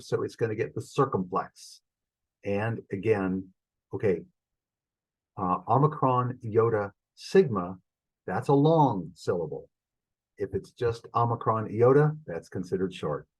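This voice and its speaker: A middle-aged man teaches a Greek lesson, working through each example slowly and thinking aloud. His voice is husky and sits a little low. He often pauses to correct his own slips. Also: a little mellow, poor audio. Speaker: Greek instructor. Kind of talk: recorded classroom lesson.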